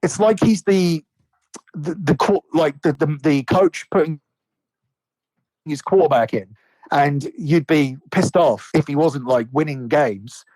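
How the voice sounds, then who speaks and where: A man's voice: on the high side, takes it slowly, darkish tone, dry recording, poor audio. Profane, rambling man. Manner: rambling, heavy swearing, many restarts. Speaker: podcast co-host. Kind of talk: casual wrestling chat.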